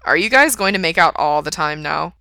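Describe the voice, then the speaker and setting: A woman reading aloud and voicing a brash, crude young man who swears a lot and talks loudly. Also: sits low, animated, fairly quick, creaky, no echo, clean studio sound, heavily acted. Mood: loud, grossed out.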